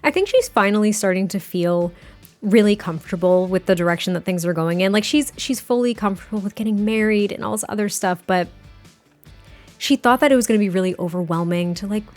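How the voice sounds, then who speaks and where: A woman's voice: medium pitch, a little fast, a little mellow, faint music behind. A young woman casually narrating a life-sim game story, chatty and full of fillers, laughing often. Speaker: gameplay storyteller.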